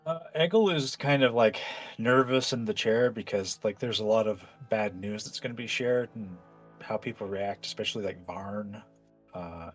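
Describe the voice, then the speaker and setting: A man's voice: lowish voice, normal speed, soft background music. A man playing in a tabletop game, explaining his character's nervousness in a hesitant, rambling way. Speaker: player. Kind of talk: casual tabletop play.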